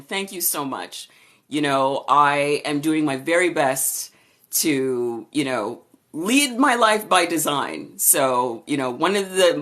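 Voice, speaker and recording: A woman voice-over artist with a low voice, casually chatting on a live stream and greeting viewers by name as she answers their questions. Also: a bit bright. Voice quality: low-registering voice. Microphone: camera or phone for a live stream.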